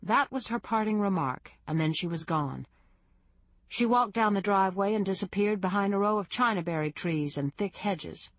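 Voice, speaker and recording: A woman reading a first-person novel aloud as a steady audiobook narrator. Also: mid-range voice, normal speed, no echo. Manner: reads in first person, lightly voicing characters. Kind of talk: scripted narration.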